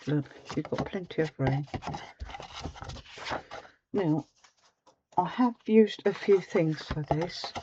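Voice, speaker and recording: A woman's voice: on the low side, takes it slowly, long pauses, mellow, slight background noise. A woman hosting a casual craft tutorial, chatting her way through each step with plenty of ums. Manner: chatty, rambling, with many ums. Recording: slightly dull home recording.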